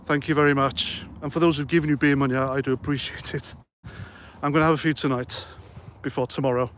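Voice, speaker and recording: A man's voice: mid-range voice, steady tone, fast talker, a bit bright, a little hiss or hum. Chatty man livestreaming. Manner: chatty, rambling, jokey asides. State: slightly out of breath. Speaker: livestream host. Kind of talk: casual livestream chat reading comments.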